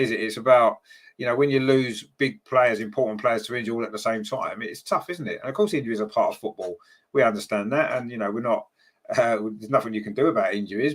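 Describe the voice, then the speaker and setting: Male fan host, lowish register, casual partisan play-by-play with chat reading, filler-heavy. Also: fairly bright tone. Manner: chatty, partisan, many ums and tag questions. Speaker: watchalong host and commentator.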